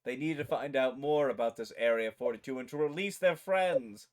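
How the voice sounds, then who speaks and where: Male co-host, mid-pitch, animated storyteller, casual and profane. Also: normal speed. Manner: animated retelling with acted-out quotes and swearing. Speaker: podcast co-host. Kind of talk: casual chat.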